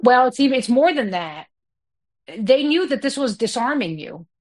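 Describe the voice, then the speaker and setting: A woman with a slightly high voice speaks bluntly and candidly, racing through her story with plenty of "you know" and "like". She is a comedian talking as a guest in a relaxed, unscripted conversation. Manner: blunt and fast-flowing, with many fillers.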